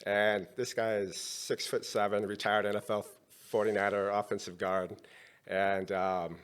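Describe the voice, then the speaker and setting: Man, middle-aged, low voice, podcast guest, storytelling, acts out dialogue. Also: a little slow, clean tone. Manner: animated storyteller acting out dialogue.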